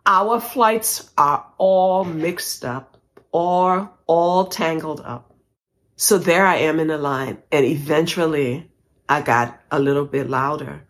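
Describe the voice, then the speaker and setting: Woman telling a dramatic personal story. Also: slow pace. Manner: dramatic, acts out dialogue, rising pitch as tension grows. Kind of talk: personal story told to an audience.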